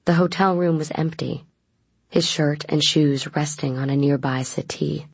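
Brief: audiobook narrator for a gothic tale, measured reading, gravelly texture, close and dry sound. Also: medium pitch, level tone, dry recording. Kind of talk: scripted narration.

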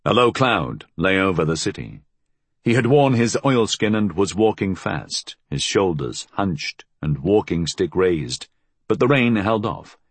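Male audiobook narrator, deep and husky, lively inflection. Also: dry recording. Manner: measured, expressive storytelling.

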